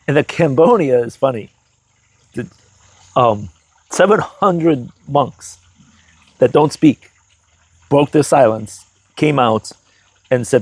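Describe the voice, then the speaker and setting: An animated man joining a casual current-events chat. His intonation swings widely around a middle pitch. He jumps in with asides, recorded close and dry. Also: slow pace, long pauses, breathy edge, dry recording, rough recording. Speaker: podcast co-host.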